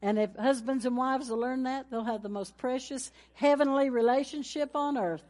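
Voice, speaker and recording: A woman's voice: high voice, moderate pace, darkish tone. A woman pastor, preaching a folksy sermon with announcements and laughter, ending in a fervent prayer.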